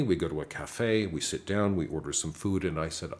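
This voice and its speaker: A man's voice: rumbling low, fairly quick, hardly any pauses. A man casually telling a travel story in an interview, acting out the dialogue as he goes. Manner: acts out quoted dialogue, many restarts.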